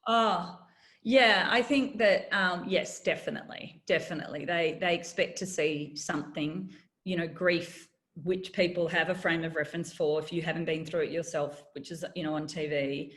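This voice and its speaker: A woman's voice: on the low side, fairly even intonation, normal speed, a bit bright. Candid woman telling her story. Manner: candid, wry, reflective. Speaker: guest, former journalist. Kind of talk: personal storytelling in interview.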